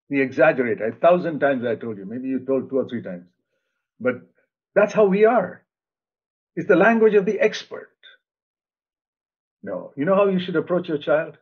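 An older male preacher giving a sermon in an earnest, plain-spoken way, acting out bits of dialogue. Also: mid-range voice. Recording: tinny phone-like sound.

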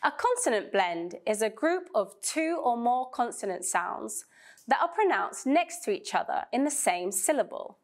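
A woman teaching English pronunciation in a slow, scripted lesson, drilling sounds clearly and deliberately. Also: fairly high pitch, very animated.

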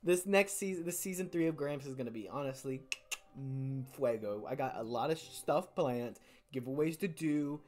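A woman's voice: very deep voice, normal speed, a little mellow. A young woman hosting a gaming channel, giving playful, jokey, self-mocking commentary over her gameplay.

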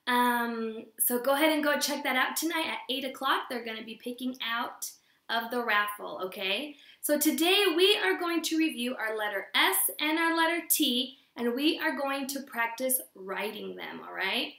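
A woman's voice: sits high, lively intonation, moderate pace, pushed and bright. A woman teaching a recorded phonics lesson to young children, sing-song and encouraging as she sounds out syllables. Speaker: kindergarten teacher. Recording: echoey room.

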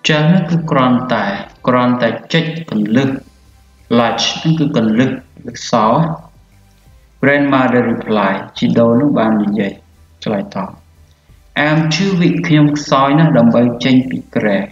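A man's voice: medium pitch, rapid-fire. A man from Cambodia with a Khmer accent teaching English, explaining words and switching languages. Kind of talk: bilingual language lesson. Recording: roomy, muffled with faint music.

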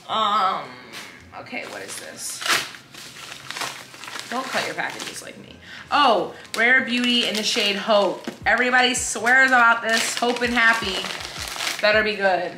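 A woman's voice: a little high, lively intonation, measured pace, noisy background. A young woman, a lifestyle influencer, chatting casually while unboxing, gushing and gasping, a little tired. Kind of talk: casual vlog unboxing chat. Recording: roomy sound with loud music behind. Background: background music.

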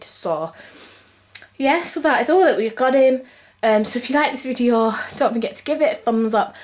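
A young woman, chatting casually to camera about gifts she bought, slightly out of breath, with many pauses and restarts. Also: medium pitch, a little mellow. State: a little out of breath. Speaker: vlogger showing Christmas gifts.

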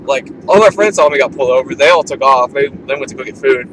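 A man's voice: mid-range voice, quick pace. A man, telling a rambling, casual story while driving his car. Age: 20s. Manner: rambling, filler-heavy, laid-back. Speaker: vlogger. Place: inside a moving car. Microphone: camera or phone in the car. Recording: loud car road noise. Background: road and engine noise.

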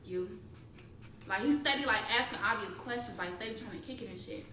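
A young woman rattles through a heated story at a rapid clip, blunt and profane, and slips into quoted voices as she goes. Her voice sits mid-range and bounces around a roomy space, with a faint hiss beneath it. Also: fairly high pitch, bright, forceful tone. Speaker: streamer speaking on a live stream.

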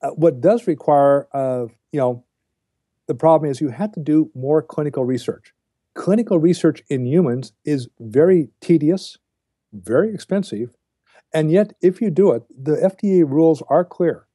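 A man's voice: on the high side, normal speed, dark tone, slightly rough, dry recording, studio quality. An older man speaking as a guest on a podcast interview, lecturing bluntly and with emphasis. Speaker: guest, diet researcher.

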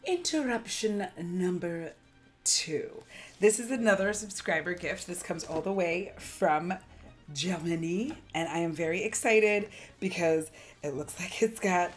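A woman chatting in a casual beauty haul vlog, gushing and playful with lots of asides. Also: on the low side. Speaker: beauty vlogger. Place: at home.

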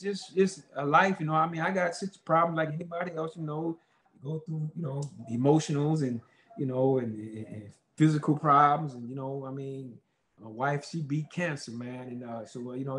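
Man, ex football player, interview guest with a somewhat high voice, rambles through animated stories. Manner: rambling, animated storytelling with many fillers. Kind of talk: casual storytelling interview.

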